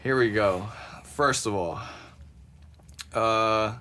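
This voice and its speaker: A man's voice: lowish voice, very slow, bright, forceful tone. A man co-hosting a podcast in casual chat, cursing freely and reading quotes aloud with a laid-back, amused delivery. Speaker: podcast co-host.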